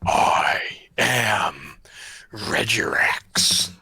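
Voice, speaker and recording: Regirex, a man voicing a slow booming dragon. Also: lively intonation, gravelly, pushed and bright, full character voice. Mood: menacing. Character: booming male dragon villain, menacing.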